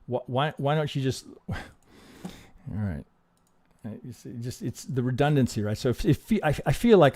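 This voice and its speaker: A man's voice: medium pitch, moderate pace, dark tone. Profane, chatty male trading teacher. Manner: casual, profane, keeps asking "right?"; talks himself through charts with rhetorical questions. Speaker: trading educator. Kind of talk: live-stream chart review.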